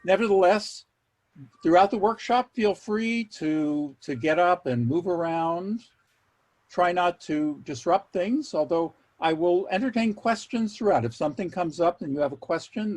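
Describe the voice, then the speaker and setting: Male workshop presenter on a video call, slightly raised pitch, a bit raspy, measured delivery with dry humor. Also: a little mellow. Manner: measured, wry asides, repeats key words for emphasis. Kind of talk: online workshop talk.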